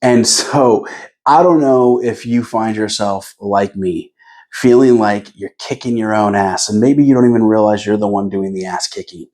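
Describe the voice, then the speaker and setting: A man's voice: lowish voice, moderate pace, a little mellow. A man vlogging in his office, talking through his own frustrations in a reflective, encouraging way as he thinks aloud. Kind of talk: candid self-talk to camera.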